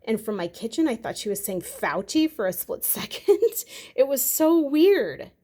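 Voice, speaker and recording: A woman's voice: on the high side, big pitch swings, measured pace, dark tone. A middle-aged woman talking on her own channel in a rambling, conversational monologue full of fillers. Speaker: vlogger. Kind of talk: casual monologue.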